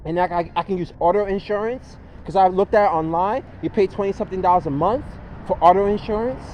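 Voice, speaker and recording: A man's voice: sits high, fast talker, lo-fi sound, a little hiss or hum. A man in his twenties talking casually in a motivational monologue, earnest and repetitive, with lots of fillers. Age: 20s. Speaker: vlogger.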